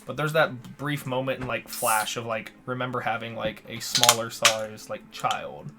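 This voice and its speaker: A man's voice: mid-range voice, steady tone, normal speed, sharp tone. Man running a tabletop game. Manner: loose, filler-heavy description. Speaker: game master. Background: music.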